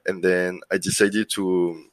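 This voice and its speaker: French-accented man, low dry voice. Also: takes it slowly, dry recording, poor audio. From France. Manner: relaxed, many fillers and restarts. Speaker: guest, lead generation business owner. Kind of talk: casual interview chat.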